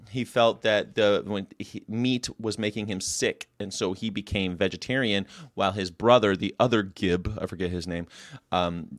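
A man's voice: lowish voice, no echo, clean studio sound. A man hosting a casual daily monologue, rambling and crude with sarcastic asides. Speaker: vlog host.

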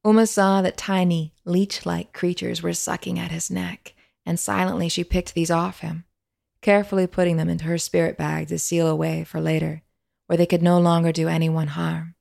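Woman reading a fantasy story aloud, gentle and measured, low and a bit gravelly. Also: little pitch movement. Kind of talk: scripted story narration.

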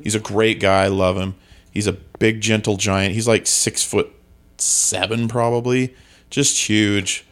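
A man's voice: lowish voice, steady tone, a little slow. A man, a comedian, chatting casually on a podcast in a rambling, self-correcting way.

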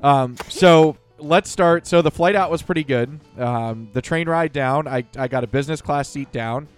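A man hosting a podcast, chatting in a relaxed, wry way about his travels. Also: a little high, normal speed, soft background music. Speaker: podcast host. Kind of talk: casual chat.

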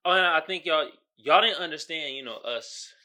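A man's voice: fairly high pitch, normal speed, sharp tone. An American man hosting his own podcast, ranting in a mocking, profane way and laughing at his own jokes. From United States. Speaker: podcast host. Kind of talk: solo podcast rant.

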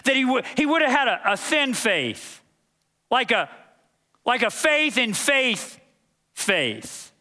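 A man's voice: very high-pitched, sing-song, takes it slowly, long pauses, pushed and bright. A man preaching a sermon as pastor, emphatic and building through repeated phrases.

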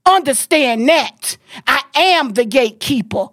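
A woman's voice: high voice, animated, unhurried, few pauses, a bit bright, no room sound, studio quality. A middle-aged woman from Florida, hosting a podcast and ranting angrily with heavy profanity. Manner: angry, profane, emphatic ranting. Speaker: podcast host. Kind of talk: heated podcast rant.

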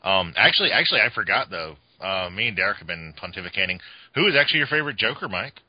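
A man's voice: lowish voice, very animated, fast talker, breathy edge, no echo. Rambling man on a lo-fi podcast. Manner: rambling, many fillers and restarts. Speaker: podcast co-host. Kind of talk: casual podcast chat. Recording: dull lo-fi dry sound.

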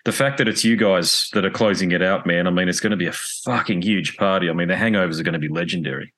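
A man's voice: deep voice, quick pace, fairly bright tone. A man interviewing a guest, talking in a friendly, rambling way with restarts. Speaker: radio interviewer. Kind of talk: casual interview chat.

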